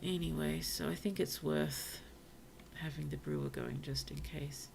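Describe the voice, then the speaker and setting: Tired woman streamer, low gravelly voice, slow and soft, often whispering. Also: steady tone, slight background noise. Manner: soft-spoken, gentle, often drops to a whisper. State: tired, yawning. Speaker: virtual streamer. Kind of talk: casual gameplay commentary to chat.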